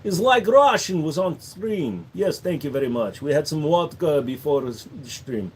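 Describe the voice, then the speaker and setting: A man hosting a relaxed livestream Q&A, joking with viewers and sliding into accent impressions. His voice sits a little higher than most men's. He speaks into a desk microphone. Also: normal speed, few pauses, slightly rough. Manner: jokey, slips into accent impressions. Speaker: livestream host. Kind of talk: casual livestream Q&A chat.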